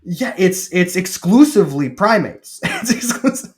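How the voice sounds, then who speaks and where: A man co-hosting a casual podcast, retelling a film with jokes and quick paraphrased lines from its characters. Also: sits high, sing-song. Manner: chatty, joking, quick paraphrased quotes. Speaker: podcast co-host recapping a film. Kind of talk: casual chat.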